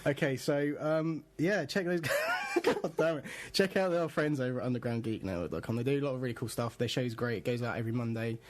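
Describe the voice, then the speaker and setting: A man's voice: medium pitch, sing-song, a little fast, hardly any pauses. A man with a British accent co-hosting a gaming podcast, bantering playfully, swearing freely and often breaking into giggles. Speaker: podcast co-host.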